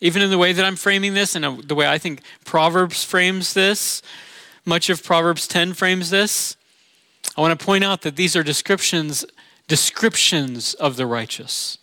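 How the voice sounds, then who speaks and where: A man's voice: sits high, a little slow, sharp tone, dry recording. A middle-aged man with a Midwestern accent, preaching a sermon in an earnest, conversational way with rhetorical questions. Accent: Midwestern American. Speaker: pastor.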